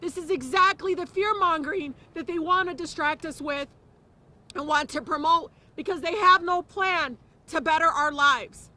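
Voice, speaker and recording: A woman's voice: very high voice, moderate pace, pushed and bright. A woman giving an impassioned press conference speech, emphatic and repeating phrases for stress. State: close to tears at times. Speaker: politician speaking at a press conference.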